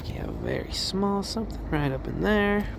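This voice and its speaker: A friendly car salesman with a slightly high voice talks casually and laughs often as he walks around a truck. His voice is a little hoarse from use. The phone recording has clear outdoor background noise. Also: huge pitch swings, a little fast. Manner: chatty, upbeat, laughs often. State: voice a bit hoarse. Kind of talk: casual vehicle walkthrough. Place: outdoors on a car lot in cold weather.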